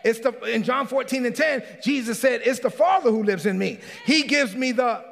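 A man preaching a sermon as a pastor in a church. He preaches emphatically, often shouting, and calls out congregants by name. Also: very high voice, normal speed, vocal fry. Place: church sanctuary. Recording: reverberant hall.

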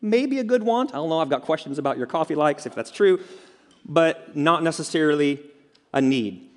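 A man's voice: a little high, expressive, moderate pace. Man preaching in a reverberant hall. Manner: conversational preaching with asides and rhetorical questions. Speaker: pastor. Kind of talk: sermon. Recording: long reverb of a large hall.

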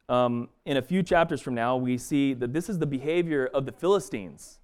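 A man's voice: mid-range voice, moderate pace, few pauses, darkish tone, clean tone. A man teaching a Bible passage in a loose, conversational way, often restarting his sentences. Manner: conversational, frequent restarts and fillers. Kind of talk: casual bible study teaching.

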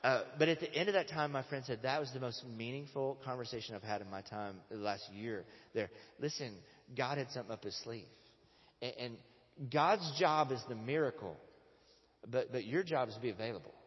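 A man's voice: medium pitch, a little fast. Storytelling preacher man in a dull echoing hall. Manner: conversational storytelling with acted quotes. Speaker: pastor. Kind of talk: sermon.

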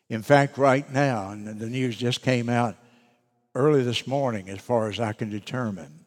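A man preaching a sermon to his congregation, speaking deliberately with emphatic pauses. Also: mid-range voice. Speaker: pastor. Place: church sanctuary. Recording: long reverb of a church hall.

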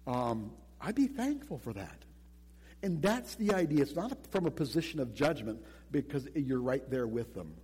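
A man's voice: medium pitch, moderate pace, husky. Preaching man in an echoing hall. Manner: animated preaching with acted-out quotes, many repeated words. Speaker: pastor. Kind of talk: sermon.

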